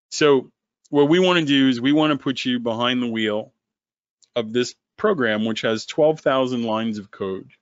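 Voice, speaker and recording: A man who founded a company, running a sales webinar in an animated, sarcastic way. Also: dry recording, dull audio. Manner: animated, sarcastic, quick swings in pitch.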